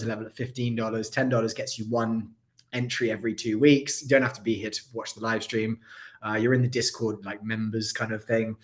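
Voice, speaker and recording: Male streamer, mid pitch, casual and apologetic, keeps coughing from a dry throat. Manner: chatty, rambling, apologetic. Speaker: airsoft channel host. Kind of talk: casual livestream chat.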